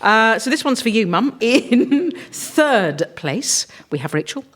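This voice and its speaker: A woman's voice: fairly high pitch, big pitch swings, slow, a bit bright. Playful woman hosting a panel game. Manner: teasing, playful chairing. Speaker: host. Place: radio studio before an audience.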